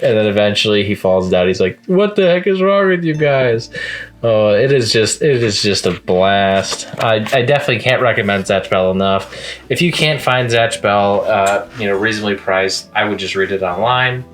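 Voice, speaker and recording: A man's voice: on the low side, a bit bright. A man talking casually in a manga review vlog, chatty and amused, often laughing at the scenes he recaps.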